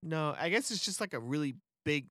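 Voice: medium pitch, lively intonation, fairly quick, bright, forceful tone, no room sound, studio quality. A podcast co-host in casual chat who laughs often and fills speech with "like.". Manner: laughs often, says "like" a lot.

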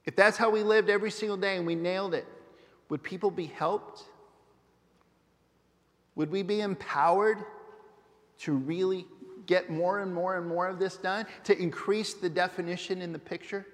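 A man's voice: high voice, steady tone, normal speed, long pauses, big-room sound. A man preaching a sermon as pastor, earnest and often putting questions to his congregation. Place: church sanctuary.

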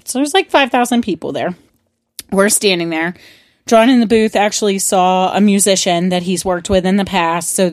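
A woman co-hosting a podcast, telling stories in a chatty, animated way and swearing freely. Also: medium pitch, no echo, clean studio sound. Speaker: podcast co-host. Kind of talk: casual storytelling chat.

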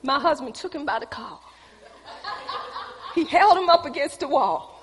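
A middle-aged woman preacher telling a testimony, animated, acting out quotes and talking straight to the crowd. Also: sits high, moderate pace, long reverb tail. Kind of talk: sermon testimony storytelling.

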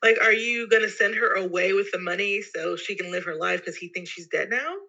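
Bright-voiced woman chiming in wryly, lo-fi. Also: medium pitch, fairly quick. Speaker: movie review podcast co-host. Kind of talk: casual chat.

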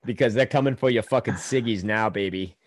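A man's voice: lowish voice, fairly quick, no echo. A man hosting a podcast in a crude, joking, ranting casual chat. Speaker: podcast host.

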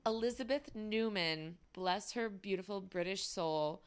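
This is a talkative woman from the United States co-hosting a podcast. Her voice sits in a middle pitch, and she tells a story casually with jokey asides and frequent laughter. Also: a little slow, clean tone. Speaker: podcast co-host. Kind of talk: casual chat.

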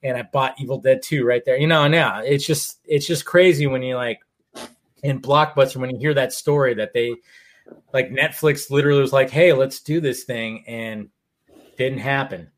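A man hosting a casual stream chat, telling animated stories and leaping up in pitch when acting out quotes. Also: moderate pace. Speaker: stream host.

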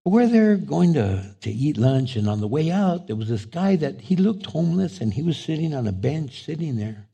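A man's voice: medium pitch, gravelly, breathy edge. A middle-aged male pastor preaching a storytelling sermon, acting out conversations in quoted voices. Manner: animated, acts out dialogue in quoted voices.

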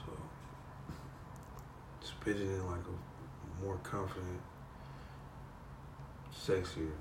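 A man's voice: low-pitched, flat delivery, extremely slow, reverberant, distant mic, background noise. A man producing a studio session, coaching a rapper in a blunt, insistent, profane way. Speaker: music producer.

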